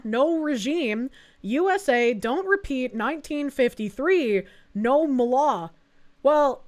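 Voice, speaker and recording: A woman streamer giving blunt, profane, sarcastic live reaction commentary. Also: high voice.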